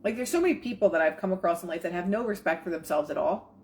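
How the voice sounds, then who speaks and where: A woman's voice: lowish voice, expressive, quick pace. A woman reading aloud from a self-help book and breaking off into casual, chatty commentary, slipping into quoted inner voices. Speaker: manifestation coach.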